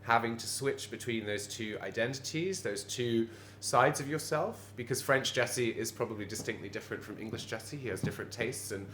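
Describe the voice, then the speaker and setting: A man with a Quebecois-Canadian accent talks at the bar of an old pub, animated and digressive, full of restarts. His voice sits in the middle range, and it rings around a roomy space with faint pub ambience behind it. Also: medium pitch, moderate pace, few pauses, slight background noise. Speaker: pub landlord. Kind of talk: conversational interview.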